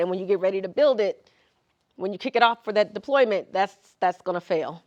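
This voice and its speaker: A woman speaking as guest presenter at a tech meetup, talking casually and acting out questions in an animated way. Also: mid-range voice, quick pace, lo-fi sound. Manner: animated, conversational, acts out questions. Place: meetup room.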